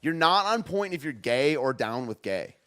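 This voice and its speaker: A man's voice: a little high, sing-song, moderate pace, a bit bright, faint music behind. A man hosting a podcast, talking in a sarcastic, rambling way and laughing at himself. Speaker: podcast host. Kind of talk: casual political podcast rant.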